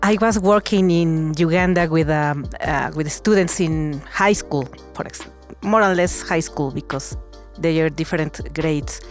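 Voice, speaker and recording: Slow-talking young Mexican woman. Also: sits low, faint music behind. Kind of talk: casual anecdote.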